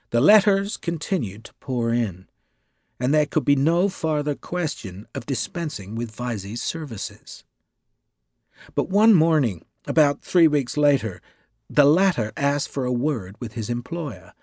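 A man giving a measured, deliberate scripted narration of a story. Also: medium pitch, a little mellow, husky, no echo, clean studio sound. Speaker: audiobook narrator.

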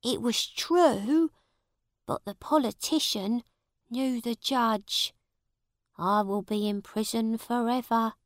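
A woman's voice: a little high, slow pace, no echo, clean studio sound, pitched above the performer's own voice. A woman voicing a resigned male prisoner in a storybook reading. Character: jailed male critic, resigned.

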